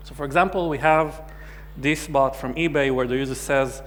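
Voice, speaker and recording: A man's voice: mid-range voice, steady tone, normal speed. A man from Israel, giving a technical talk at a conference in a light, joking way. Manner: light, joking presenter who acts out quoted chats. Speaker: conference speaker. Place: large conference hall. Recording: hall reverb with faint hum.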